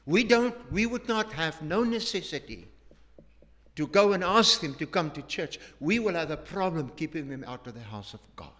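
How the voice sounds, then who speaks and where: A man preaching a sermon, telling a story earnestly with emphatic rises and hushed drops, often restarting his phrases. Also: a little high, lively intonation, moderate pace. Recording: long hall reverb.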